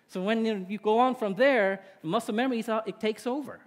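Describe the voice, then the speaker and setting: High-voiced man preaching a sermon. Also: fast talker, few pauses, in a large hall. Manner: conversational, with tag questions. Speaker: pastor.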